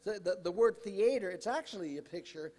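A man preaching a sermon as pastor, animated and conversational, with asides to the congregation. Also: high-pitched, brisk, long reverb tail. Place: church sanctuary.

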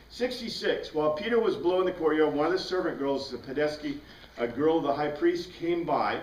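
Rambling male Bible teacher in a roomy class. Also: on the high side. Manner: rambling, conversational, with many asides and restarts. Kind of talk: informal Bible study lesson. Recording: roomy sound, mic at a distance.

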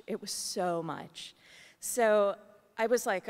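A woman's voice: medium pitch, slow pace, clear, resonant tone. A middle-aged woman artist speaking to a gathering, telling a personal story in a candid, earnest way with many asides. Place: large meeting hall. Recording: long hall reverb.

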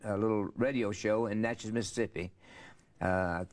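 In this casual storytelling interview, the guest is an older country singer with a voice on the low side, fairly even intonation, and a normal speed. He rambles through folksy tales, leaning on lots of fillers.

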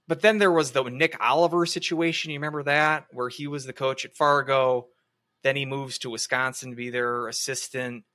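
Bright-voiced man analyzing hockey recruiting. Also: mid-range voice. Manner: analytical, hedging with many restarts. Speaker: podcast co-host. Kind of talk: casual sports podcast chat.

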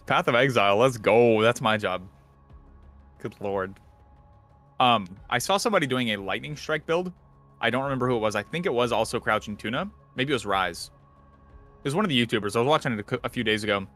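Male podcast host, bright voice, rambling casual gamer chat, faint music under. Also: medium pitch, a little fast. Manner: rambling, animated, swears casually. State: out of breath.

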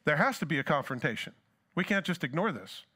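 A man's voice: fairly high pitch, sing-song, a little fast, pushed and bright, breathy edge. A pastor preaching a sermon who asks his congregation rhetorical questions and acts out scripture dialogue.

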